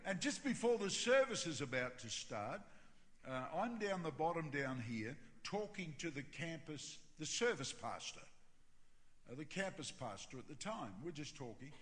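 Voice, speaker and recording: A man, a pastor telling a self-mocking funny story in a sermon, with animated delivery. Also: a little high. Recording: reverberant hall with faint ambience.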